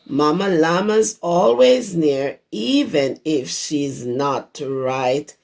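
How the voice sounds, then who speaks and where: A hoarse woman who teaches preschool, reading a picture book aloud to young children and stopping to explain words. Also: deep voice, expressive, extremely slow, a little mellow. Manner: explains words to small children as she reads. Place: her home.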